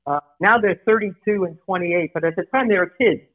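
A woman's voice: lowish voice, brisk, narrow, tinny audio. A woman in her sixties, a guest tennis commentator, talking reflectively and affectionately in a casual conversation.

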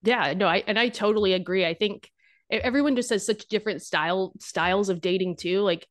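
A woman's voice: medium pitch, a little fast. A young woman who makes dating content, talking casually and with humor in an interview, full of fillers and restarts. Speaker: guest, dating content creator.

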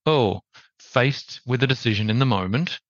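A man with an Australian accent, a podcast guest telling a story in a measured, reflective way. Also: on the low side, a bit bright, dry recording, dull audio. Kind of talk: conversational storytelling.

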